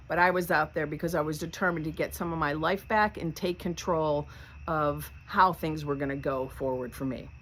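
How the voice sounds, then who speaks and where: A woman telling her own survival story in a candid, conversational way, with light laughs. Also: lowish voice. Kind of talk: personal storytelling to camera.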